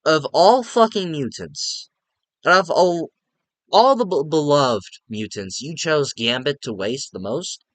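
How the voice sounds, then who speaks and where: A man's voice: a little high, expressive, takes it slowly, dry recording. A young man giving a casual, profane, exasperated movie review rant, rambling with lots of filler words.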